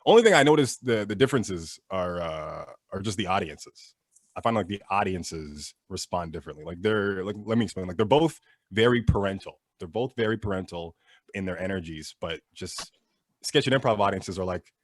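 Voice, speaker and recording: A young man doing an animated stand-up set over a video call, laughing at his own jokes and acting out characters. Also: low voice, normal speed, no echo. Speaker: stand-up comedian.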